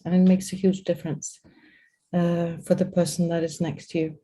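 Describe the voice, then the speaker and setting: Energetic woman coach, mellow voice. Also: fairly low pitch, normal speed. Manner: energetic, repeats words, talks to a co-host. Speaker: host and communication coach. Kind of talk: live-streamed coaching talk.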